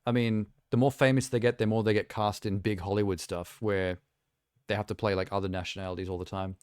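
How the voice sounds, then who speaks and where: A young man hosts a live stream in an easy, rambling chat, full of self-amused asides. His voice sits on the low side and sounds smooth and clear. The sound is close and dry, with almost no room echo. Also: fairly even intonation, fast, darkish tone. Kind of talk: casual chat while reacting to trailers.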